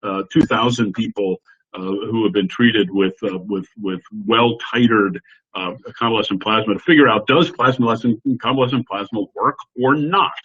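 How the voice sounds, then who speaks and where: A man's voice: lowish voice, normal speed, a bit bright, slightly rough, lo-fi sound. A middle-aged American man giving an earnest seminar lecture, often restarting his phrases with fillers. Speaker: guest speaker.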